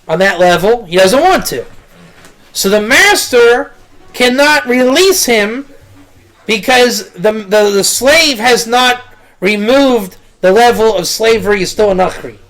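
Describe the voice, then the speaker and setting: A man's voice: sits high, animated, measured pace, fairly bright tone. A man, a rabbi, giving a casual teaching talk, rambling and repeating words, mixing in Hebrew and Yiddish terms. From Israel.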